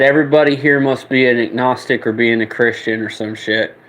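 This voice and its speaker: Guy ranting on his stream, swears a ton, keeps restarting sentences, mid-pitch voice. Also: poor audio. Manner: profane, exasperated, repeats and restarts himself. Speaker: live streamer. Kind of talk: casual ranting monologue.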